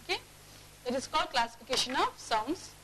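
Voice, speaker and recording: A woman teacher leading a classroom phonics lesson, drilling words aloud and checking the class with quick questions. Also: high voice, animated, sharp tone, slight background noise, low-quality recording.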